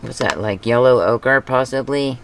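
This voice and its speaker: A woman hosting a craft video, chatting casually as she paints, thinking aloud and talking to herself with soft chuckles. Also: very deep voice, measured pace, slight background noise. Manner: soft chuckles between remarks.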